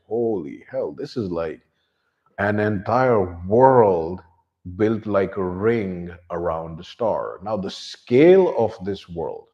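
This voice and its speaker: A man casually retelling a science fiction novel's plot for viewers, with animated asides and frequent fillers. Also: sits low, highs cut off. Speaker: book reviewer. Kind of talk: casual book summary.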